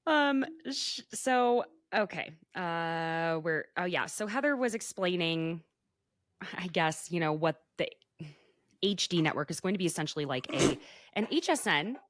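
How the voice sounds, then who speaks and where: A woman's voice: lowish voice, lively intonation, a little slow, a bit bright, no echo, clean studio sound. A woman hosting a podcast in casual gossip chat, giggly and chatty and full of fillers. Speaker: podcast host.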